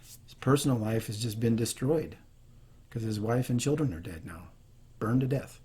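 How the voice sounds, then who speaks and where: A man's voice: mid-range voice, normal speed, mellow, slightly rough. A man hosting a leadership video, talking earnestly and unscripted, with frequent restarts. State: choked up. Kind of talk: unscripted talk to camera.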